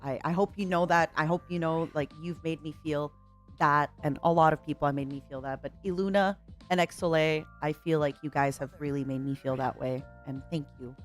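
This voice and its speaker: A woman's voice: low voice, fairly even intonation, fairly quick, soft background music. A woman streamer hosting her farewell stream in casual voice-call chat, playful, teasing and affectionate.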